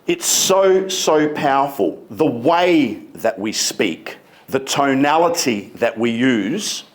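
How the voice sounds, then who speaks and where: Slow, emphatic male keynote speaker. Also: medium pitch, animated. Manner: emphatic, deliberate, stretches key words. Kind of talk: motivational keynote speech. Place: conference stage.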